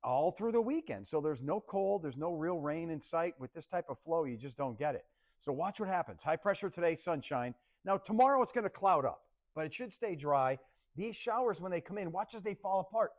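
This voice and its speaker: A male TV meteorologist walks viewers through the forecast in a joking, easygoing way. His voice sits a little high and swoops up and down with lots of life. He laughs often as he goes. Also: fairly quick. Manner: playful, animated, laughs often. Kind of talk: casual forecast banter.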